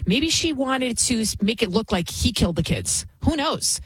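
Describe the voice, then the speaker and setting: Husky woman ranting on her show, dry close sound, keeps repeating herself to hammer points. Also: fairly high pitch, very animated, moderate pace, no echo. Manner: indignant, emphatic, repeats phrases for effect. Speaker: commentary show host. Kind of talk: opinionated commentary.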